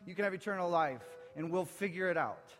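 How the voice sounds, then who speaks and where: A man preaching a sermon, impassioned, swinging from near-shouts down to low, quiet lines. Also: a little fast. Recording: echoey hall with faint music.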